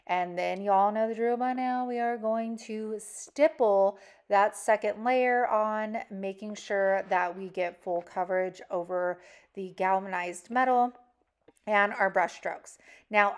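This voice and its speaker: A young woman hosting a DIY craft channel, narrating her tutorial in a chatty way and talking straight to her viewers. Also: mid-range voice. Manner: chatty, addresses viewers directly. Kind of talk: casual craft tutorial voice-over.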